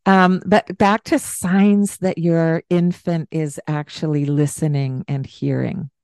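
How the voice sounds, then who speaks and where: Slow, warm-toned woman host, breaks into sing-song baby talk for examples; dry close mic. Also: low-pitched, fairly even intonation, no echo. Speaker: parenting podcast host. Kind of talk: casual explanatory chat.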